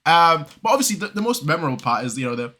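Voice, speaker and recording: A man from southern Germany giving casual reaction commentary, talking fast and rambling with many restarts and pauses. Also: a little high, big pitch swings, sharp tone. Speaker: reaction video creator.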